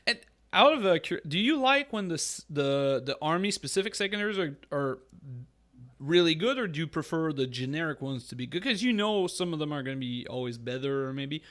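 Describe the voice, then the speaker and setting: A man co-hosts a podcast in loose, casual chat. His voice sits fairly high for a man, and he is animated and jokey, teasing his co-host as he talks. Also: a little fast.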